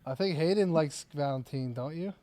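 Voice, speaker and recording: A man's voice: a little high, moderate pace, mellow, no echo. A man hosting a call-in betting show, chatting casually and joking with callers in slang. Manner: laid-back, joking, slangy. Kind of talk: casual chat.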